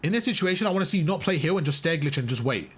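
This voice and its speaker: A young man coaching a player through a live match, talking at a rapid clip in a husky, slightly raised voice. He praises good plays emphatically and repeats his instructions until they land. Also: fairly high pitch, expressive, fairly bright tone. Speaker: game coach. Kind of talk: live gameplay coaching commentary.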